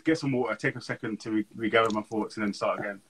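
A young man, chatting as an interview guest and telling animated, slangy stories. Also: on the low side, fast talker, breathy edge, low-quality recording. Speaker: guest speaker. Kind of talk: casual interview chat.

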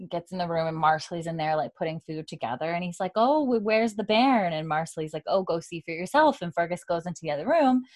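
A chatty young woman talks through a show's episode in a relaxed, casual way. She slips into the characters' lines with a lifted voice, and her own voice sits fairly low for a woman. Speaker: podcast host recapping a TV episode. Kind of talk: casual chat recap. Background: dog heard at times.

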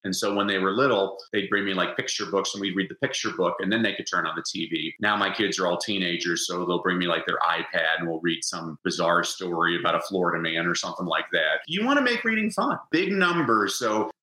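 Animated, jokey middle-aged man. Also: deep voice, a little fast, few pauses, roomy sound, poor audio. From United States. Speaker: teacher and reading coach. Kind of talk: casual interview talk.

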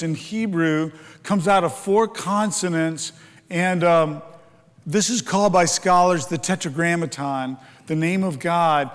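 A man's voice: a little high, in a large hall. A man preaching a sermon, explaining scripture in a teaching tone with fillers and rhetorical questions. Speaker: pastor.

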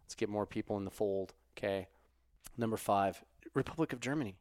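A man hosting a podcast in casual, profane chat, swinging from muttered asides to loud outbursts. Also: on the low side, a little fast, dry recording, studio quality. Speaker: podcast host.

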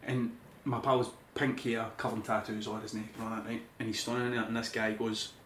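A Scottish man co-hosting a podcast, telling an animated story and acting out what people said. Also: fairly low pitch, fairly quick, a little hiss or hum. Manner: animated storyteller, acts out dialogue. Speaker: podcast co-host. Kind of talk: casual chat. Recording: echoey room.

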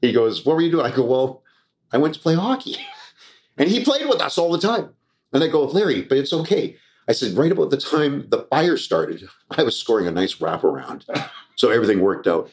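At medium pitch and normal speed, a male podcast guest relays a casual story. He curses and laughs throughout, performing other people's lines in quoted voices for a lively, profane anecdote.

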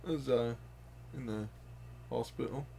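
A man voicing a polite, bewildered man just out of a coma, in a deliberately bad put-on British accent, as improvised comedy. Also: on the high side, sing-song, a bit bright, slight background noise, heavily acted. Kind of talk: improvised comedy role-play.

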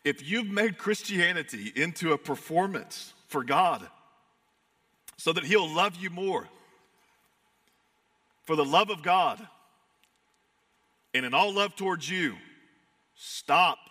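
A man preaching a sermon in an earnest, emphatic way, swinging from fired-up to hushed. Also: on the high side, expressive, slow, pauses often, in a large hall. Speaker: pastor.

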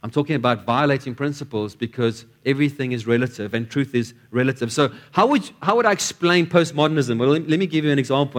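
A man preaching a sermon in a church, telling stories and often repeating words as he restarts his sentences. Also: medium pitch.

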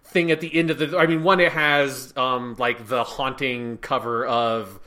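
A man's voice: mid-range voice, fairly even intonation, a little slow, sharp tone. A man co-hosting a podcast, chatting casually in a rambling, sarcastic way with lots of filler words. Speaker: podcast co-host. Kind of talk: casual chat.

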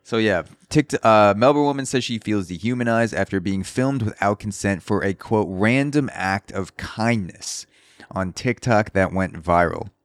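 A man's voice: lowish voice, moderate pace, hardly any pauses, no echo. A man hosting a casual solo podcast, riffing loosely and profanely on news stories from his apartment. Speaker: podcast host. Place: apartment in a city building, indoors. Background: construction drilling outside.

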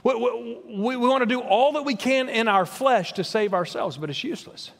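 High-voiced preacher in a reverberant hall. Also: male voice, moderate pace, vocal fry. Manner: emphatic, repeats words when building a point. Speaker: pastor. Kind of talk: sermon.

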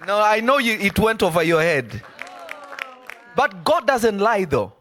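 A man preaching a live sermon, emphatic and conversational, breaking into quick asides. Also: sits high, very animated, fairly bright tone, a faint crowd, a little hiss or hum.

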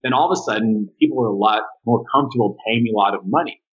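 On a podcast, a marketing agency owner speaks as a guest in a lowish voice, firing off words rapidly through a muffled recording. He's an animated storyteller, casually recounting agency anecdotes and performing the quotes himself.

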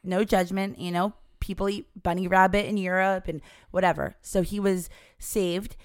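A woman in her forties telling a family story in a chatty, animated way, acting out the voices of the people she quotes. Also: mid-range voice, normal speed, clear, resonant tone, no room sound, studio quality. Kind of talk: casual storytelling chat.

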